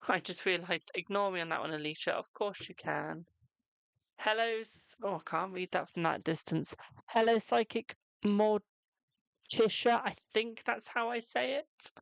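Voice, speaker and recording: A British man hosts a live tarot stream, reading questions off his chat and answering in an affectionate, chatty way. His voice is bright and forward with a gravelly edge. The sound is dry and close. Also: high voice, dry recording. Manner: affectionate, calls viewers "my darling"; chatty, reads questions aloud and answers quickly.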